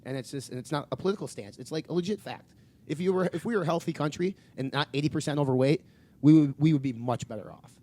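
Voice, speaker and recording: A man co-hosting a casual podcast, driving his points home with blunt swearing. He talks quickly and presses hard on each point. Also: on the high side, a little mellow. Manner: emphatic, profane ranting. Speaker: podcast co-host.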